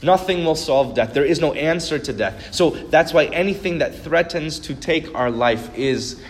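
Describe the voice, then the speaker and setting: A man's voice: on the high side, animated, moderate pace. A man preaching a sermon as a pastor, telling a story earnestly and building to emphatic repeated points. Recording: long reverb of a large hall.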